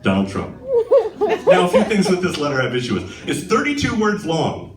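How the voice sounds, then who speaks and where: A man's voice: a little high, big pitch swings, fast, slight background noise. A man doing a live stand-up set on a comedy club stage, with a sardonic, self-deprecating delivery, recorded from a distance in an echoey club.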